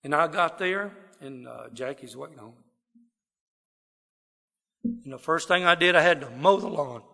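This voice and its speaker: A man's voice: a little high, moderate pace, creaky, bright, forceful tone. A man giving a heartfelt, folksy personal testimony to a gathering. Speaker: speaker sharing recovery story. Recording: long reverb of a hall.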